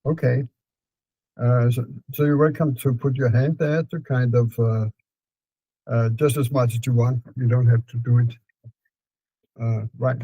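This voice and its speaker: A man with a Danish accent calmly guiding a client through a therapy session, repeating prompts slowly. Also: medium pitch, breathy edge, no room sound, low-quality recording. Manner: calm, repetitive prompting with fillers.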